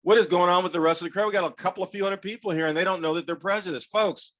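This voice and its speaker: A man giving an animated, interactive workshop talk over a video call, leading the audience in call-and-response. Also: sits high, very fast, muffled recording. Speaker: workshop speaker.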